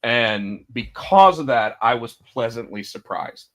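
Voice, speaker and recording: A man's voice: medium pitch, animated, measured pace, a bit bright. A man co-hosting a podcast, telling stories in a rambling, casual way and acting out the quotes. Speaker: podcast co-host. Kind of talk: casual chat.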